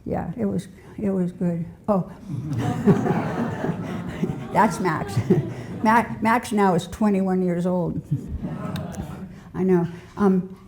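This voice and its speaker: An older woman from New Hampshire shares warm, rambling community memories, often restarting sentences and laughing along the way. Her fairly low voice has fairly even intonation, drawn-out words and long pauses, heard against a noisy background in this casual spoken storytelling.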